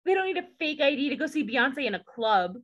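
A woman's voice: high voice, big pitch swings, fairly bright tone, lo-fi sound. Sarcastic joking woman podcast co-host. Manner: sarcastic, joking, quick asides. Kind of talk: casual recap chat.

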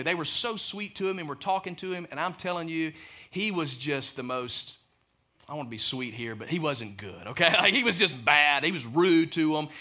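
Male pastor, sermon, high-pitched voice, emphatic, chatty asides to the congregation. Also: pushed and bright. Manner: repeats words when building a point.

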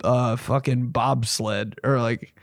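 A man with a gravelly, fry-edged voice riffs and rambles in a loose comedic style. He swears freely and jumps into loud put-on bursts. The sound is dry and close, with no room ring. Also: mid-range voice, fairly even intonation, slow pace, no room sound. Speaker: comedian host reacting to listener stories.

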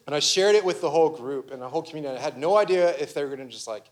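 A man's voice: fairly high pitch, fast talker, hardly any pauses. A young man, a pastor, giving a conversational sermon full of personal stories, with many restarts and fillers.

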